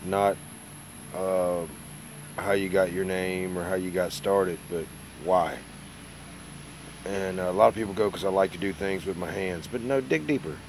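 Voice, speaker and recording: Low-pitched and a little slow, this Mississippi streamer's voice carries a faint hiss or hum behind it. Hungover, he rambles through casual chat on his model-building stream, folksy and self-mocking.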